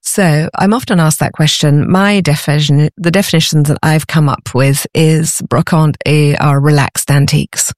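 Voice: medium pitch, fairly even intonation, moderate pace, hardly any pauses, no echo, studio quality. A guest speaking enthusiastically in an interview, with many fillers and restarts. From Britain. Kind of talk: conversational interview.

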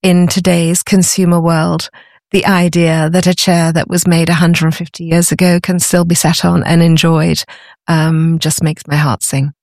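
Interview guest, enthusiastic storyteller, slightly rough voice, mid pitch. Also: little pitch movement, a little slow, dry recording, clean studio sound. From Britain. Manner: enthusiastic, warm storytelling, many fillers and restarts. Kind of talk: conversational interview.

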